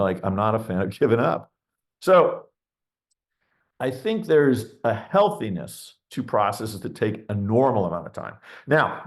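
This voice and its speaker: A middle-aged man talks frankly as a guest on a webinar. He is blunt and given to ranting, and his pitch sits right in the middle. He slips into quick mock voices to act out what other people say. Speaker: venture capital investor, webinar guest. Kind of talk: candid conversational webinar talk.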